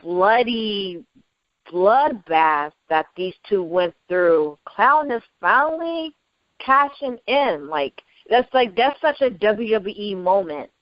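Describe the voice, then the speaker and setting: Excitable woman gushing in casual chat. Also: mid-range voice, takes it slowly, no room sound. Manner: excitable, gushing, laughs often. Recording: dry lo-fi recording.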